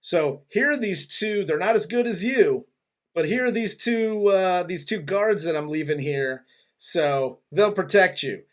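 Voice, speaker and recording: Male podcast host, slightly high voice, rambling, animated, profane casual review chat. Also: a little slow. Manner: rambling, animated retelling with laughs and swearing.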